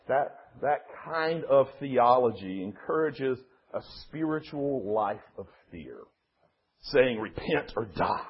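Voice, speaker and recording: A man's voice: fairly high pitch, husky, muffled recording. A man giving a sermon as a pastor, telling a story in an earnest, emphatic way.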